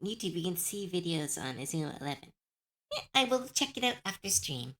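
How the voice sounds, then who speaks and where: A woman's voice: on the low side, very animated, a little fast, a bit bright. A young adult woman streamer chatting casually on a live stream, chatty and self-deprecating, laughing often.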